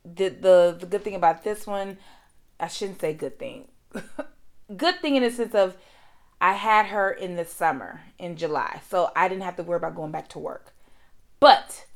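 A woman, hosting a podcast and candidly telling a personal story in a conversational, emotional way. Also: lowish voice. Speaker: podcast host.

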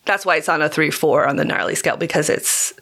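Laid-back, slangy woman with a lowish voice. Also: fast, vocal fry, a bit bright. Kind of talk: casual chat.

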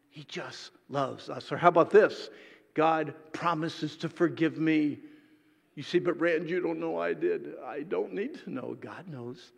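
A man preaching a sermon to a congregation, swinging between loud exhortation and hushed, intimate asides. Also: fairly high pitch, a little slow, vocal fry, husky, long reverb tail.

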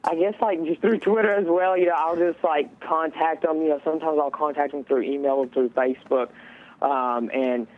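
A man's voice: fairly high pitch, steady tone, moderate pace. A teenage boy with a Georgia accent calling in, hesitant and full of ums and restarts. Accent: Southern US, Georgia. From Georgia, USA. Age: teens. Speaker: caller. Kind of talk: phone-in interview. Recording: tinny phone line.

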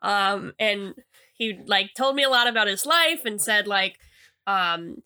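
A woman in her thirties co-hosting a podcast, telling stories in casual chat with giggly, animated delivery. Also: medium pitch, measured pace, clear, resonant tone. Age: 30s. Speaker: podcast co-host.

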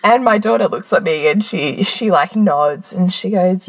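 A woman's voice: medium pitch, unhurried, hardly any pauses, husky. A middle-aged woman hosting a podcast, telling a story in casual chat and laughing often. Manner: lively storytelling with frequent laughter. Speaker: podcast host.

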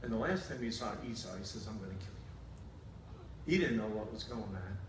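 A man's voice: lowish voice, quick pace, echoey room, recorded from a distance, background noise. A male pastor preaching a sermon in a casual storytelling way, paraphrasing scripture and acting out quotes.

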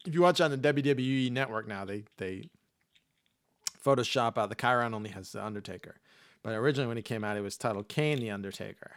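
A man's voice: lowish voice, quick pace, clear, resonant tone, no room sound, clean studio sound. A man co-hosting a podcast, chatting casually in a rambling, profane way. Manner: profane, rambling, slips into loud mock Boston voices. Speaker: podcast co-host. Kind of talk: casual chat.

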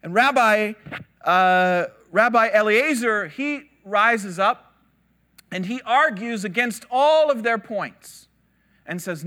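A man giving a conversational sermon, telling stories with animated quoted voices and casual asides. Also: high voice, slow. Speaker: teacher.

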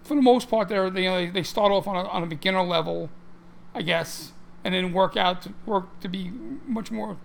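A man's voice: sits high, a little fast, gravelly. A man co-hosting a podcast in casual chat, rambling with many restarts and fillers. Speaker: podcast co-host.

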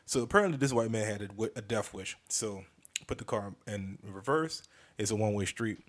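A man hosting a comedy podcast, telling a story in a casual, animated and profane way, often restarting sentences. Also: lowish voice, brisk.

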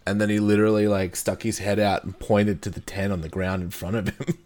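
A man's voice: on the low side, flat delivery, fairly quick, darkish tone. A young Australian man bantering on a podcast, blunt and crude, joking and swearing freely. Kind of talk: casual chat.

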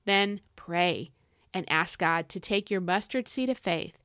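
A woman hosting a casual devotional podcast, chatty and encouraging, with lots of asides and repeated phrases and pitch that jumps up on emphasis. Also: measured pace, dry recording, studio quality. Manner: expressive, pitch swinging up on emphasis. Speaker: podcast host teaching from the Psalms.

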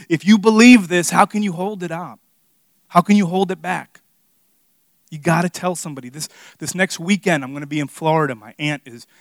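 A young man preaches a sermon as an earnest, casual story, leaning on plenty of fillers. His voice sits a little high for a man. The sound is dry and close, with no room echo. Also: fairly bright tone. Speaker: pastor teaching a Bible study.

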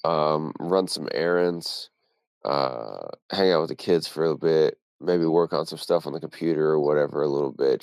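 A man's voice: sits low, darkish tone, clear, resonant tone, dry recording. A man chatting casually on a podcast, laid-back and rambling, swearing freely as he talks about his work. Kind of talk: casual chat.

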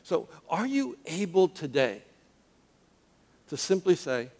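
A man preaching a sermon who calls out questions to the congregation and drops into quiet, earnest intensity as he tells a story. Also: on the high side, sing-song, slow. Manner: call-and-response with the congregation, dropping to quiet intensity.

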